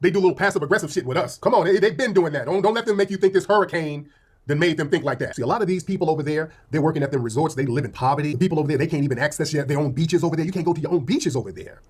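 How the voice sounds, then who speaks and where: Fast, husky-voiced ranting man. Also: a little high, darkish tone. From United States. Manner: mocking, ranting, quotes people in put-on voices. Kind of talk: casual rant to camera.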